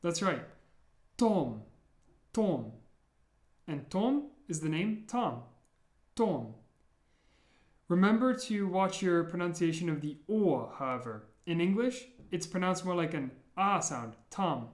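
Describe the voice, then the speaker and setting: A man with a fairly high voice gives a beginner language lesson, patiently spelling out each sound and repeating it. The room is echoey, so his voice rings off the walls. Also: expressive, slow, long pauses. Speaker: language teacher.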